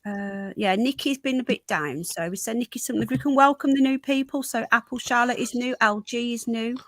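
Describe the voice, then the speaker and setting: A woman hosting a casual livestream chat, her voice going hoarse, clearing her throat often. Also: a little high, fairly quick, dry recording, studio quality. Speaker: livestream host. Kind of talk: casual live chat reading comments.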